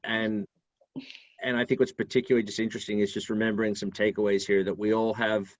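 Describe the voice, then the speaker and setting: An easygoing man hosts a web session with a low voice. The sound is muffled and lo-fi, like video call audio. It is close and dry with no room echo. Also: level tone, quick pace. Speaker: host. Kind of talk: casual webinar hosting.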